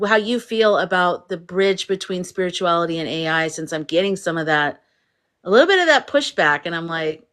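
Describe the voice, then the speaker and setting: A woman's voice: lowish voice, expressive, brisk, a bit bright. A woman hosting a casual livestream, chatting freely, reading viewer comments aloud and laughing often. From United States. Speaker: livestream host.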